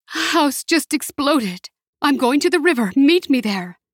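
A woman voicing a frightened older mother caught in a fire, hoarse, coughing and out of breath. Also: fairly high pitch, lively intonation, slow pace, no echo, studio quality, pitched above the performer's own voice, heavily acted. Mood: panicked.

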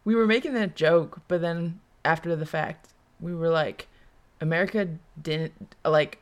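A woman's voice: low-pitched, measured pace. A woman in casual podcast chat, rambling through an anecdote with lots of fillers and a sarcastic edge.

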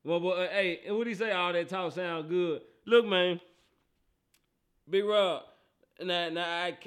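High bright-sounding guy doing a sports talk rant, aave, teasing, repeating himself, laughing a lot.

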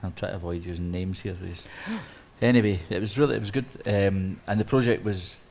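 A man, an interior designer, telling a lively story on a live panel, acting out quotes with many restarts. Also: low voice, brisk, gravelly. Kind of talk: anecdote on a live panel talk.

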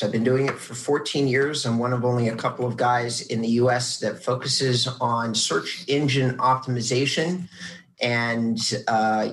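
A man's voice: mid-range voice, a bit bright. A man hosting an interview, talking casually with plenty of ums and uhs. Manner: halting, many ums and uhs. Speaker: podcast host. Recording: roomy echo.

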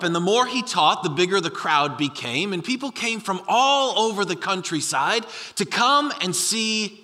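A bright, high-voiced man preaching with lively storytelling. He acts out the disciples as he retells the story. His voice rings out in a large reverberant hall. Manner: animated, acts out the disciples in a higher voice. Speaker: pastor. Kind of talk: sermon storytelling.

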